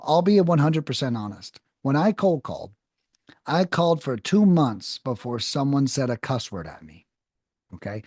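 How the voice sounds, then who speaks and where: A man's voice: mid-range voice, darkish tone, no echo, clean studio sound. A man in his thirties teaching a cold calling course in a direct, coaching way, often checking in with "okay?". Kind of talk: casual instructional talk.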